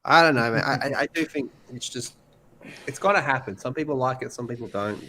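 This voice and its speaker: A man with an average-pitched voice hosting a casual podcast. He speaks bluntly and profanely, but in a laid-back way. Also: a little fast, background noise. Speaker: podcast host and streamer. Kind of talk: casual chat.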